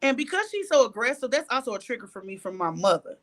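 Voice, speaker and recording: Talking fast with a fairly high pitch, a woman from a reality show tells an interviewer a candid story. She's blunt and profane, animated throughout, and imitates what others said.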